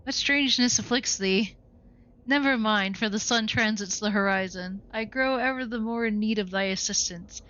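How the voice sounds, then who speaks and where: A woman's voice: medium pitch, normal speed, fairly bright tone, natural voice. A woman voicing a stiff, formal landlord who talks in pompous, archaic phrasing in a video game playthrough, on a dull lo-fi recording. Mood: stiffly formal. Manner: pompous, old-fashioned phrasing. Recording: dull lo-fi sound.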